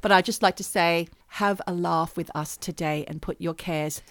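A woman's voice: lowish voice, steady tone, moderate pace, a bit bright, dry recording. An Australian woman co-hosting a comedy podcast from her home recording studio. She chats in a wry, theatrical, self-mocking way. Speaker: podcast co-host. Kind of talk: casual comedic chat.

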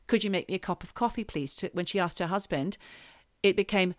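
A woman's voice: fairly low pitch, a little fast, background noise. A woman co-hosting a podcast, telling a story in casual chat and reading quotes aloud. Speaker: podcast co-host.

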